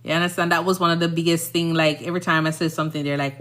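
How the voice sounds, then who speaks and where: A woman's voice: fairly low pitch, steady tone, very fast, few pauses, fairly bright tone. A woman in her thirties with a Jamaican accent, a nurse chatting casually on a live stream, rambling and often asking "you understand?".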